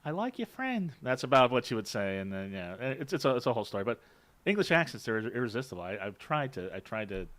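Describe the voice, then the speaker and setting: A man's voice: on the low side, expressive, quick pace, fairly bright tone. A man hosting a talk show who jokes and teases his guests in a rambling, casual way. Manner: joking, rambling and teasing.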